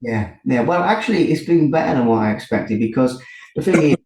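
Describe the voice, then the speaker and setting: A man's voice: medium pitch, expressive, brisk, a little mellow, roomy sound, poor audio. A man hosting a casual, friendly chat on a video call. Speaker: podcast host.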